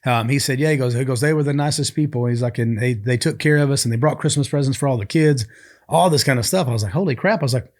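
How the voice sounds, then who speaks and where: A man from Tennessee co-hosting a podcast, telling stories in casual chat and acting out what people said. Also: mid-range voice. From Tennessee, United States. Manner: fast, lively storyteller who acts out quotes. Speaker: podcast co-host.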